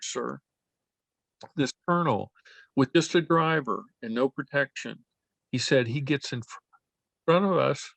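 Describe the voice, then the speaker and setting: Older man with a gravelly voice. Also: medium pitch, a bit bright, no room sound. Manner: halting, with frequent fillers and restarts. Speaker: interviewee. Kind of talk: oral history recollection.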